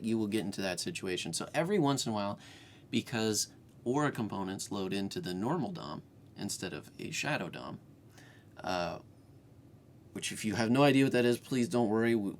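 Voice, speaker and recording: A man's voice: lowish voice, slight background noise. A man hosting a screen-share coding tutorial, talking casually with lots of fillers and restarts, at home. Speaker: programming tutorial host.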